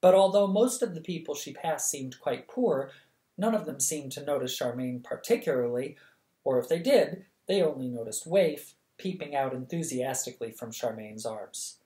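A reader narrating a novel for bedtime at a steady, lively pace. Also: mid-range voice, normal speed. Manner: steady, lively, acts out the dialogue. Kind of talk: audiobook reading of a novel. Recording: echoey room.

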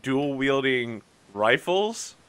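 Man, game master, bright voice, animated casual chat, voice call. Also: mid-range voice, takes it slowly, clear, resonant tone. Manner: animated, laughs and reads rules aloud.

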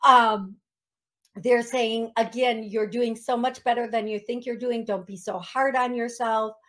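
A woman's voice: on the high side, fairly even intonation, a little slow, fairly bright tone. A woman hosting a radio call-in show as a psychic medium, talking in a chatty way with many restarts and ums.

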